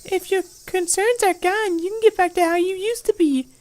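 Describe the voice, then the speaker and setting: A creepy teenage girl , voiced by a woman, talks in a sweet sing-song that hides a threat, repeating herself as she closes in. Her voice sits extremely high and light. This is a fan voice performance of a game scene. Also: normal speed, a little mellow, low-quality recording. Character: eerie teenage girl stalking a frightened boy.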